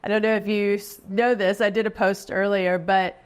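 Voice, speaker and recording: A woman's voice: mid-range voice, little pitch movement, moderate pace, clean tone. A woman in her forties, a guest actress in a casual interview, who talks in a chatty way, laughs often and lifts her voice when quoting people. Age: 40s.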